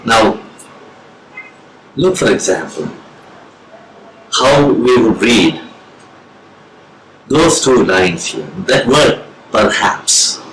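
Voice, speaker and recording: A man with an Indian English accent, a professor of English giving a slow, measured lecture on reading poetry with deliberate pauses. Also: fairly low pitch, animated, a bit bright, slight background noise. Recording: roomy with faint ambience.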